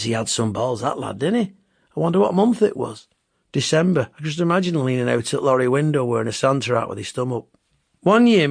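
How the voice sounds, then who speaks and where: A man in his fifties with a Bolton accent, reading his own comic memoir with wry, deadpan asides. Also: mid-range voice, vocal fry, no room sound, clean studio sound. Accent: Bolton, Lancashire. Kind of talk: comic memoir audiobook narration.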